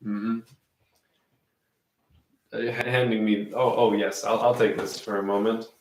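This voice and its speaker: A man playing an improv word game, talking in a halting, musing way. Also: on the low side, flat delivery, roomy sound, a little hiss or hum. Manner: halting, musing, full of fillers.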